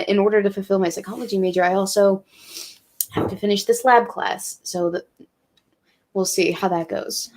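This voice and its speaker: Young woman vlogger, tipsy, emotional, swears a lot, casual chat. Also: medium pitch. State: drinking, tipsy. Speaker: college student vlogger.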